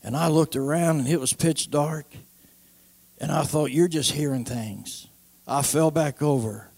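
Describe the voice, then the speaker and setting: A man with a raised, gravelly voice preaches his testimony, hammering phrases again and again. He acts out past conversations with rising intensity. The sound is close and dry. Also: on the high side, normal speed, a little mellow, no room sound. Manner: emphatic, repeats phrases, acts out old conversations.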